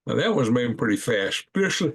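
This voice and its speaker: A man's voice: medium pitch, sing-song, brisk, gravelly, fairly bright tone, breathy edge. A man hosting a casual live stream, rambling in a folksy way and thinking aloud as he clicks through maps at home at night. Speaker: channel host.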